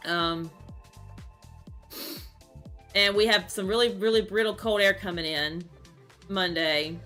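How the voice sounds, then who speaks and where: A woman's voice: medium pitch, expressive, takes it slowly, pauses often, bright, forceful tone, faint music behind. A woman, a streamer talking casually to her chat, rambling and repeating words, upset and close to tears. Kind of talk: casual talk to camera.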